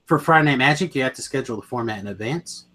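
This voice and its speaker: A man's voice: mid-range voice, animated, very fast, sharp tone. A man co-hosting a podcast, chatting casually and enthusiastically, often rambling and correcting himself mid-sentence. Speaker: podcast co-host. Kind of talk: casual chat about card games.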